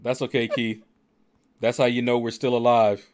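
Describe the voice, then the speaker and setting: A middle-aged man in easygoing talk with a game stream's audience and co-host. His voice sits at an ordinary middle pitch, and his delivery stays unhurried, laid-back and dryly joking. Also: little pitch movement, a little mellow. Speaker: streamer hosting a gaming channel. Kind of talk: casual chat on a game stream.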